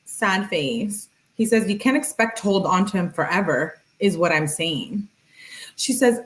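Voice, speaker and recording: A woman's voice: mid-range voice, unhurried, low-quality recording. A young woman hosting a commentary stream, reading text messages aloud with playful asides and casual chatter. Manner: chatty and playful, laughs often, reads messages with lively emphasis. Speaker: true crime commentary host.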